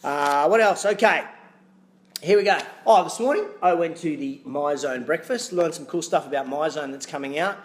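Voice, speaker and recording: An Australian man hosting his own video podcast as a fitness business coach, talking to camera in an upbeat, energetic, motivational way with punchy asides. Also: fairly high pitch, normal speed.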